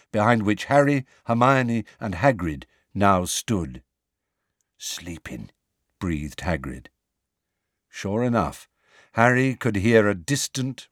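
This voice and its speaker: Expressive male audiobook narrator. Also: medium pitch, no echo, clean studio sound. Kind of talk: scripted narration.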